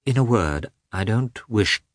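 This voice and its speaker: A man reading aloud and voicing a troubled young noblewoman who speaks in a hurried, excited way. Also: lowish voice, dry recording, clean studio sound, pitched above the performer's own voice. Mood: hurried, uneasy. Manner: hurried, tense.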